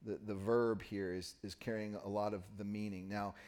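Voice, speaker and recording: A man preaching a Sunday sermon, reading scripture and then explaining it with pauses for emphasis. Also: on the low side, level tone, darkish tone. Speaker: pastor. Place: church.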